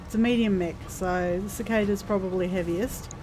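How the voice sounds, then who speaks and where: A woman's voice: mid-range voice, fairly even intonation, moderate pace, background noise. A woman streaming a video game, thinking aloud casually and explaining its mechanics as she plays. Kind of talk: casual gameplay commentary.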